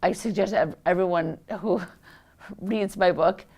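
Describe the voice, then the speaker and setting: A woman's voice: lowish voice, fairly even intonation, measured pace, darkish tone. A middle-aged woman, an author, talking in a reflective, conversational way with lots of "you know" and "like". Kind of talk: reflective interview talk.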